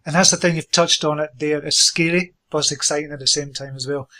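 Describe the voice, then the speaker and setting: A man's voice: on the high side, steady tone, bright, forceful tone. A man hosting an interview, enthusiastic and encouraging as he asks his guest questions. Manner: enthusiastic, encouraging, quick to praise. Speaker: interview host. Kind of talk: conversational interview.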